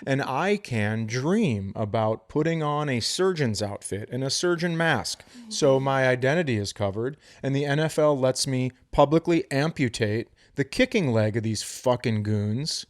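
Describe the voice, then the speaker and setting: A man co-hosting a podcast in casual chat, going off on loud, profane, comic rants. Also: medium pitch, animated, a little slow, hardly any pauses. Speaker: podcast co-host.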